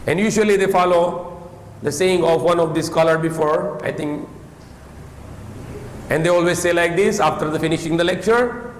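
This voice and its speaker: High-voiced man preaching in an echoey hall. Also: normal speed. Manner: emphatic, repeats points, non-native English with some Tagalog. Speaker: Islamic preacher. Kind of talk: sermon lecture.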